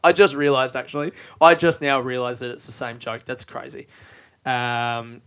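A man's voice: mid-range voice, steady tone, normal speed, a bit bright, smooth. A man hosting a podcast on his own, talking in a rambling, frank, self-mocking way and swearing often. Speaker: podcast host and stand-up comedian. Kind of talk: casual solo podcast monologue.

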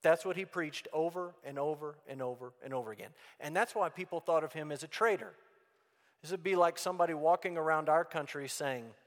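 A man's voice: on the high side, brisk. A man preaching a sermon, earnest and emphatic, repeating key phrases for weight. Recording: long hall reverb.

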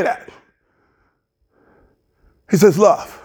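A man's voice: high voice, lively intonation, moderate pace, pauses often, a little mellow, slightly rough. A male pastor, preaching a passionate sermon in a church, hollering with plain colloquial speech.

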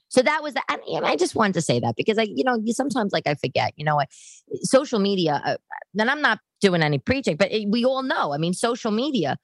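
A woman in her forties hosting a podcast from her living room, talking in a casual monologue that turns animated and emphatic, ranting with many restarts. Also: medium pitch, fast, vocal fry, dry recording. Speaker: podcast host.

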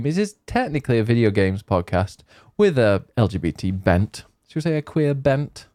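A man's voice: mid-range voice, big pitch swings, normal speed, few pauses, darkish tone, dry recording, clean studio sound. A man hosting a games podcast, rambling and joking in casual banter. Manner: jokey, rambling, self-mocking. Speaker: podcast host.

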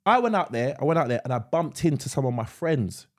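Animated, husky-voiced man telling stories. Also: mid-range voice, brisk. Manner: animated storyteller, acts out voices. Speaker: podcast co-host. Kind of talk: casual chat.

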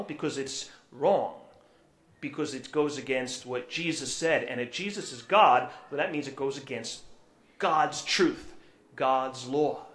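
A man gives a sermon in a loose, conversational way, stopping and restarting as he tells a story. His voice is of middle pitch. The church around him echoes. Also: a bit bright. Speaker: priest.

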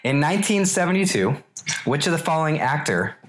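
A quiz host running a casual game among friends, joking and rambling with fillers. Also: female voice, low voice, big pitch swings, a little fast, crowd noise. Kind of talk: casual podcast game show. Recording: echoey room, faint noise.

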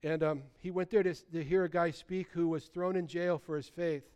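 Man, pastor, sermon, high voice, smooth clear tone, animated conversational delivery. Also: moderate pace. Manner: animated, conversational preaching with repeated restarts.

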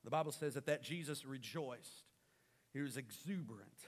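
A man preaching a sermon as pastor, swinging between loud rallying calls and quiet, intimate stretches. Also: medium pitch, moderate pace, slightly rough.

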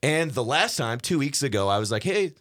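A man hosting a radio show who talks in an animated, boastful way. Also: medium pitch, fairly quick, background noise. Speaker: radio host. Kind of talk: casual radio chat.

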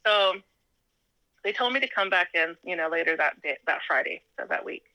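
A woman from Alaska, guesting on a podcast, tells her personal story casually in a lowish voice at normal speed. She's animated, laughs often, and acts out what people said to her. The recording is dry and low in quality.

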